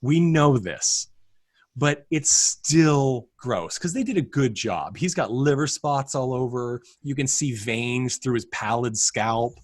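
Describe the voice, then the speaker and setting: In a dry recording, a man with a mid-range voice speaks slowly but with lively intonation. He's co-hosting a film podcast, casually chatting about a movie in a rambling way full of fillers and restarts.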